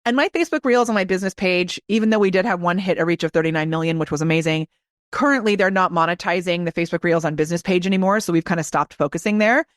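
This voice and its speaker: A woman's voice: fairly low pitch, no echo, clean studio sound. A woman guest on a podcast, telling stories in an enthusiastic, casual way. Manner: enthusiastic, quick storytelling. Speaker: guest, video marketing expert.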